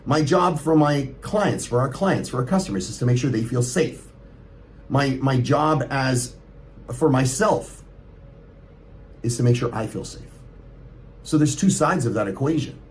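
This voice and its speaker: A man's voice: medium pitch, animated, measured pace, long pauses, slight background noise. A middle-aged man, a motivational coach, preaching bluntly in an unscripted vlog monologue and swearing freely. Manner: blunt, profane, forceful preaching.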